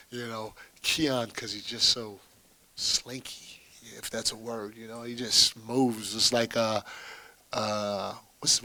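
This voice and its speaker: Guy coaching basketball, rambling candid chat at a presser, middle pitch, dry close sound. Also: pushed and bright, no echo. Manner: candid, rambling, chatty with laughs. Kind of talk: post-game press conference answer.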